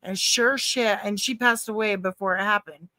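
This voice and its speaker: A woman's voice: medium pitch, pushed and bright, dry recording. A woman co-hosting a casual chat show, talking bluntly and swearing often. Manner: blunt, frequent swearing, quick asides. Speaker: co-host. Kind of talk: casual chat about current events.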